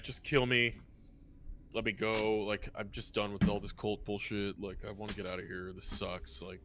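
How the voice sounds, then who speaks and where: A man's voice: high voice, bright, forceful tone, pitched above the performer's own voice, full character voice. A man voicing a whiny, defeated young male cultist underling who mumbles complaints.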